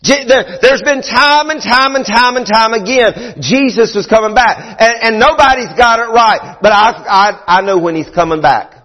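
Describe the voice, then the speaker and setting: A middle-aged man preaching a sermon as a pastor, a little out of breath. He repeats his phrases and swings between high, fervent bursts and low, chatty asides. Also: moderate pace, hardly any pauses, sharp tone. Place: church sanctuary. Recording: muffled sound in a hall with long reverb.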